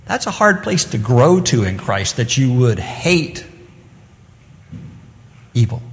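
A middle-aged man delivers an evening sermon, talking earnestly and conversationally and slipping into the voices of the people he quotes. His voice sits at an ordinary mid pitch. A long hall reverb trails after each phrase. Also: a little mellow. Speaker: preacher.

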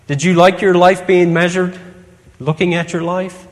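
A man with a high, light voice preaches an earnest evening sermon and keeps asking the congregation questions. His words ring out with a long reverb, as in a church hall. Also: flat delivery, normal speed.

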